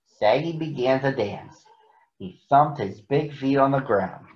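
A man reading a picture book aloud to children in a gentle, expressive way. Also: medium pitch, a little slow. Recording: echoey, muffled room recording.

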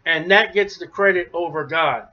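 A man preaching a sermon, emphatic, rising to near shouts then dropping low. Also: normal speed. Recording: dull lo-fi recording.

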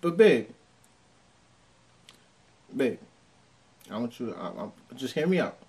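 Lively-voiced New man. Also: medium pitch, takes it slowly. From New York. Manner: blunt, pushes back with his own examples. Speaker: podcast co-host. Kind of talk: casual chat.

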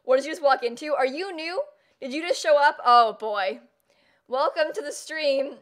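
A woman's voice: high voice, moderate pace, a bit bright. A young woman streaming live and chatting casually, who keeps dissolving into giggles and helpless laughter.

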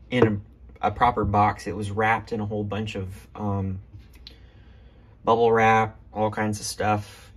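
A man with a somewhat low voice presents an item from his collection in an easygoing vlog. His speech is relaxed and halting, full of fillers and self-corrections. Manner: hesitant, with many ums and restarts. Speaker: vintage telephone collector showing a phone. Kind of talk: casual show-and-tell vlog.

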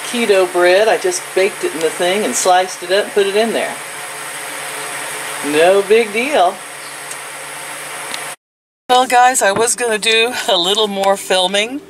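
In a casual vlog recorded at home, an older woman speaks sweetly to her animals, cooing in baby talk and often laughing. Her voice is medium in pitch, with background noise present.

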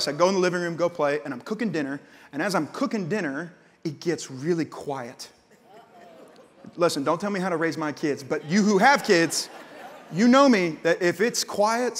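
A man in his thirties preaching a sermon, telling stories and acting out voices, swinging from loud outbursts to hushed prayer. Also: sits high. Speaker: pastor. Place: large church hall. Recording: church hall with long reverb.

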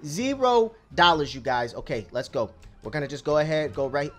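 A young man giving casual, slangy gameplay commentary as a YouTuber, rambling and excitable, shouting at other drivers. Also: fairly high pitch, a little fast. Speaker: gaming YouTuber.

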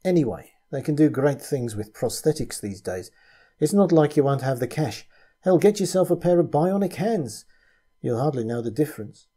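A man reading as a blunt, pragmatic rogue who talks in a matter-of-fact way. The voice is dark and mellow with a husky grain. It sounds like a storybook reading. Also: fairly high pitch, lively intonation, moderate pace, voice pushed up. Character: blunt, pragmatic one-handed adult man.

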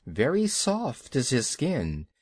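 A man voicing a huge old male python in a children's audiobook, drawing out his words in a slow hiss. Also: medium pitch, wildly swooping pitch, darkish tone, husky, no room sound, clean studio sound, exaggerated voice. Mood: amused. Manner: slow, drawn-out hissing speech.

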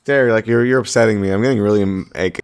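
Playful low-voiced co-host man. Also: quick pace, smooth. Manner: playful, mock-offended banter. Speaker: podcast co-host. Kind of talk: casual comedic podcast chat.

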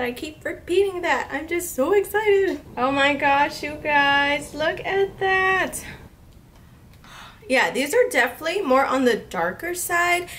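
A woman's voice: high voice, fairly bright tone, recorded from a distance, a little hiss or hum. A woman in her twenties gushing and squealing with delight as she unboxes a beauty haul, speaking a little off-mic. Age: 20s. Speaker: beauty vlogger.

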